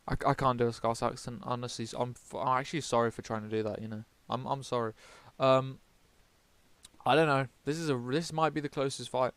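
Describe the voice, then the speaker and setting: A man from the UK talks through his picks in a loose, rambling way, dropping swear words and backtracking mid-sentence. His voice is smooth and clear. The sound is dry, with no room echo. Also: mid-range voice, fairly even intonation, a little fast, fairly bright tone. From United Kingdom. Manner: rambling, swears often, self-correcting. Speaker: MMA vlogger. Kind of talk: casual fight predictions.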